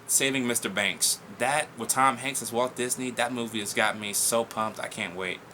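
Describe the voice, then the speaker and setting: A young man hosting a casual viewer Q&A vlog, blunt, profane and excitable as he reads and answers questions. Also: medium pitch, moderate pace, a little hiss or hum.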